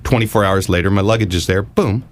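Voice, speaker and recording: A man hosting a podcast, telling lively anecdotes in casual chat and acting out what people said. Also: lowish voice, fast talker. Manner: animated storyteller, acts out quotes. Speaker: podcast host.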